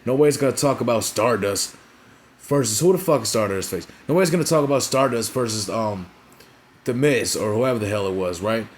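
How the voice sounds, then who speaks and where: A man's voice: mid-range voice, expressive, fairly quick, slight background noise. A young man casually recapping a wrestling show, rambling and profane, forever tagging on "right?" and "you know what I'm saying?".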